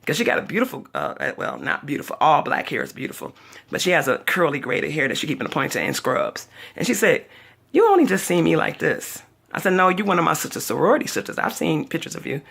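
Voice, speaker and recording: A woman's voice: low-pitched, very animated, quick pace, gravelly, fairly bright tone, husky. A chatty older woman vlogging, telling a personal story dramatically and acting out the other people's voices. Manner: dramatic, chatty, acts out voices in her stories. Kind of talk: casual storytelling vlog.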